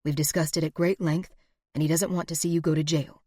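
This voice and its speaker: A woman voicing a middle-aged man, a formal frontier lawyer, speaking in a measured, evasive way. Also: sits low, steady tone, mellow, no room sound, studio quality. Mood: cool. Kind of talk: audiobook character voice.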